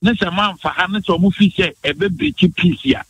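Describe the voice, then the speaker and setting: This is a high, animated, gravelly male voice: a guest on a radio morning show who comes from Ghana's Bono region and has a Ghanaian accent. He argues politics emphatically and at a rapid clip, mixing in English phrases in the heated exchange. The audio is dull, with a little background noise.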